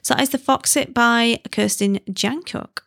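Woman in her thirties, podcast host, rambling casual chat, gravelly voice. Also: a little high, moderate pace, a bit bright, no room sound, clean studio sound. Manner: chatty, giddy, rambling tangents.

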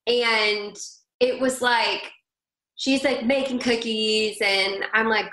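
A woman's voice: medium pitch, flat delivery, slow, bright, forceful tone. A woman guest telling stories in a chatty, casual way, with lots of "like" and "girl". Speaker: guest, country singer. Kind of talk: casual conversational storytelling. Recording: roomy echo.

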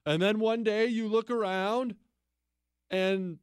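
Male talk radio host, high lively voice, sarcastic mocking repetition, dry close sound. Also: takes it slowly, no room sound. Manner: incredulous outbursts. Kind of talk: political commentary monologue.

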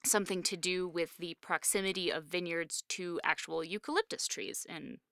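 A woman with a fairly low, steady, gravelly voice that is also fairly bright, clear and resonant talks at a normal speed in a dry, clean studio recording. She co-hosts a podcast on wine and film, chatting casually and knowledgeably about wine with lots of "um" and "like".

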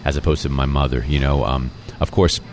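A man in his forties, a restaurant owner, talking about his path in a relaxed, reflective casual interview, with many fillers. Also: a bass voice, fairly quick.

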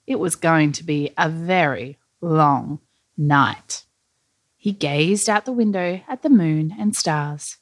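A woman narrating a children's story aloud in an animated, playful storyteller manner. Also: low-pitched, takes it slowly. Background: faint music.

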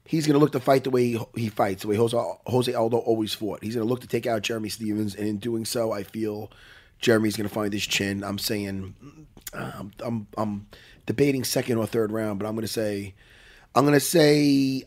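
A man hosting a casual fight-pick chat, swinging between mumbles and loud outbursts. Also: lowish voice, steady tone, brisk. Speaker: podcast host.

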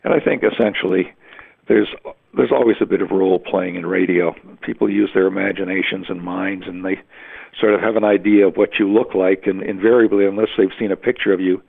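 An older man from Western Canada, a veteran radio announcer, telling his story in an oral history interview with halting, rambling restarts. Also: low voice, fairly even intonation, creaky. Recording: phone-like narrow sound.

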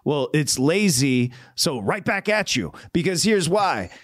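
A man's voice: a little high, expressive, measured pace, fairly bright tone, no echo, clean studio sound. A man hosting a sports betting talk show, teasing and emphatic in a casual chat.

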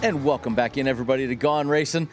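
A man's voice: mid-range voice, fast talker, loud music behind the voice. A man with a West Coast American accent, co-hosting a casual racing-betting chat in a rambling way with many restarts. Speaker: co-host.

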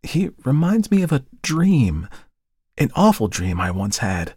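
A man reading a story aloud and voicing a lively, teasing young woman who models for an artist. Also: mid-range voice, measured pace, breathy edge, no echo, studio quality, pitched above the performer's own voice. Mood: wondering. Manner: bright, pert, scolding. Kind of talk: audiobook character voice.

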